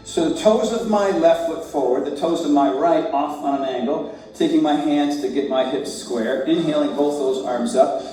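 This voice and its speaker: A man guiding a yoga warm-up, cueing breaths and poses in a relaxed, joking way as he moves. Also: a little high, moderate pace. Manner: relaxed, joking, talks while moving through poses. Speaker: yoga instructor. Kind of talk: guided yoga class. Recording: very echoey room, distant mic, faint music.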